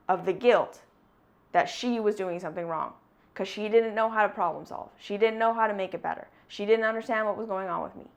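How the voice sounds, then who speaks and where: A woman vlogger telling a candid personal story in an earnest, reflective way, moving between brisk and slow deliberate phrasing. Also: mid-range voice.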